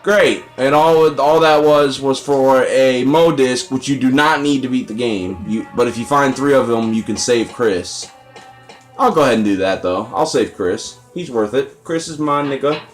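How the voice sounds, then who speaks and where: A man's voice: mid-range voice, unhurried, soft background music. A young man giving casual, rambling gameplay commentary, profane and self-deprecating. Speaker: let's play gamer.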